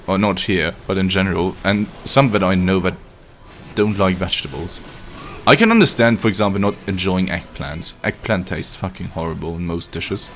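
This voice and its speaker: A man's voice: sits low, steady tone, moderate pace, a bit bright. A man streaming a video game live, joking and swearing as he chats to his viewers in casual commentary. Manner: joking and profane, chatting to viewers. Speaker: livestreamer playing a video game.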